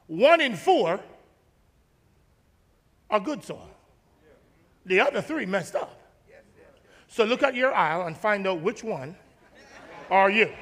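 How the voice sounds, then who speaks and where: A man from Jamaica preaching a sermon to his congregation in a church sanctuary, animated and folksy, repeating words and calling on the crowd to answer. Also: extremely high pitch. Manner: casual, folksy phrasing. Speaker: pastor. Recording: long reverb of a large hall.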